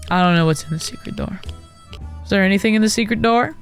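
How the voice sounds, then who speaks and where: A woman streamer giving casual gameplay commentary, excitable and melodramatic with sarcastic asides. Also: medium pitch, fast, soft background music. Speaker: gaming streamer.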